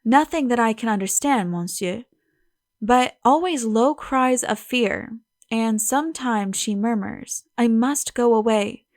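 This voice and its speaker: A woman voicing a frightened young French maid who speaks in careful, halting phrases, in an audiobook. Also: on the high side, a little mellow, dry recording, studio quality.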